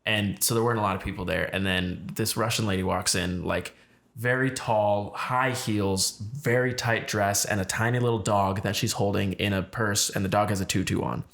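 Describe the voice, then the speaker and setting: A man's voice: lowish voice, steady tone, moderate pace, gravelly, fairly bright tone. A man co-hosting a podcast, telling a story in a casual chat and acting out the people he quotes. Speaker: podcast co-host.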